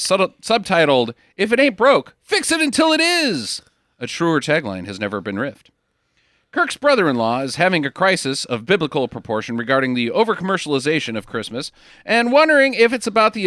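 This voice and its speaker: Lively bright-voiced podcast host man. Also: fairly high pitch, no room sound, clean studio sound. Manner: upbeat, jokey. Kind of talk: casual chat.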